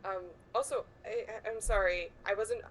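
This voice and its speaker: Niepewna, przepraszająca graczka. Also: female voice, medium pitch, steady tone, normal speed, rough recording. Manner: hesitant, apologetic, stammering. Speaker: player. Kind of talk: tabletop game play.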